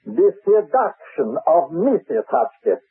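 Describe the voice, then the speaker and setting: A man's voice: sits high, big pitch swings, takes it slowly, breathy edge, full character voice. An actor playing a cold, stern male spymaster in a 1970s radio drama, speaking in a clipped, menacing way. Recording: narrow, phone-like old radio broadcast.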